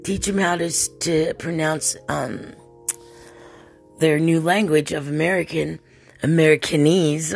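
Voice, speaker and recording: A woman's voice: on the low side, moderate pace, creaky, breathy edge, soft background music. A woman hosting a podcast alone, talking in a rambling, chatty way and laughing often. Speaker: podcast host. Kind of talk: casual solo podcast monologue.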